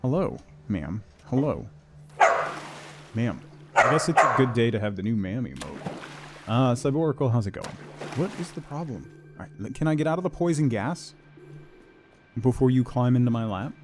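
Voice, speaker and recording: A man's voice: mid-range voice, big pitch swings, moderate pace, pauses often, background noise. A man streaming a video game, chatting casually as he plays and talking to his cat and his chat viewers. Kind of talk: casual gameplay commentary.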